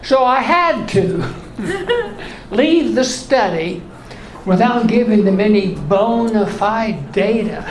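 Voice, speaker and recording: A man in his eighties doing stand-up in a comedy club, telling deadpan one-liners in a voice left high by voice surgery. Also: takes it slowly. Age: 80s. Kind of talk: stand-up routine. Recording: echoey club with room noise.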